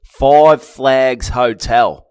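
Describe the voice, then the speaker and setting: Aussie comedian co-host, blunt and teasing, swears freely, mid-range voice, dry close mic. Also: male voice, medium pitch, steady tone, very slow, darkish tone, clear, resonant tone, dry recording. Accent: Australian. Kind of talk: casual banter.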